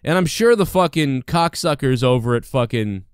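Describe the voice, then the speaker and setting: A man's voice: medium pitch, lively intonation, normal speed, clean tone, no echo, studio quality. A man hosting a podcast, ranting angrily and sarcastically with constant swearing. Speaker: podcast host. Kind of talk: profane ranting monologue.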